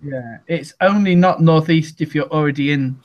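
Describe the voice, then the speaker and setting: A man's voice: a little high, moderate pace, lo-fi sound. A man chatting casually in a group talk, hesitant and full of restarts. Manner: hesitant, lots of ums and restarts. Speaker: podcast co-host. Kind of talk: casual group chat over a call.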